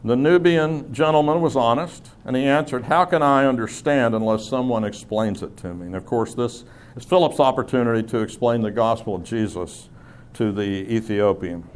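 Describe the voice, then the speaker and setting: A man's voice: mid-range voice, normal speed. A middle-aged man teaching a Bible class in a classroom, talking conversationally with fillers and restarts.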